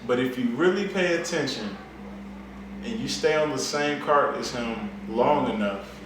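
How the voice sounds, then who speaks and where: A man's voice: medium pitch, a little slow. A young man casually telling a story, laid back and slangy. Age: young adult. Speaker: student interviewee. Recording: echoey room, distant mic, background noise.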